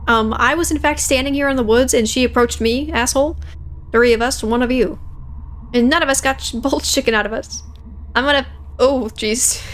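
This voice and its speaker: A woman's voice: on the high side, fairly even intonation, a little fast. A young woman playing a game, reading every character's dialogue aloud in her own voice and joking casually between lines. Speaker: let's play streamer.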